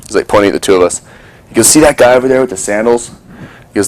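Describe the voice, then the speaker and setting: A man's voice: fairly low pitch, very fast, long pauses, darkish tone. Laid-back man telling a story. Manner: storytelling, acts out voices, swears freely. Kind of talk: casual talk to a small group.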